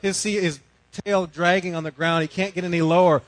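A middle-aged man preaching a sermon, telling a story with big swings from loud outbursts to hushed, quiet lines. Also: sits high, fairly even intonation, a little fast, no room sound, poor audio. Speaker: pastor.

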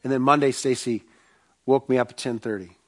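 A man preaching a sermon, telling a personal story with animated bursts, quiet asides and rhetorical questions to the congregation. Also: mid-range voice, a little fast. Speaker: pastor.

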